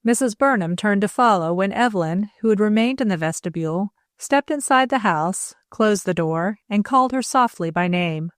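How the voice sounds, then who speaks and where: A woman narrates a novel in a steady, measured way, her pitch in the middle range. The recording is close and dry, without room echo. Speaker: audiobook narrator. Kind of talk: scripted narration.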